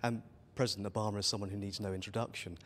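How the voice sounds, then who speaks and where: A man's voice: on the low side, fairly even intonation, very fast, a bit bright, a little hiss or hum. A man working as an interviewer, asking formal and carefully phrased questions in a polite manner. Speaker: interviewer, editor. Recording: long reverb.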